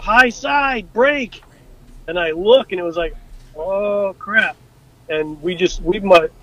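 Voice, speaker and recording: A man casually telling stories from his time on rescue boats, animated and full of fillers and restarts, acting out what people said. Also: a little high, no room sound, highs cut off. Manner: animated, acts out quotes, many fillers and restarts. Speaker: guest, former rescue boat crewman. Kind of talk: casual storytelling.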